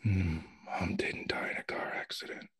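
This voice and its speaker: A man voicing a frightened, paranoid father in a sickbed, in a breathy whispered role-play. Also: moderate pace, a bit bright, lightly acted. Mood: fearful.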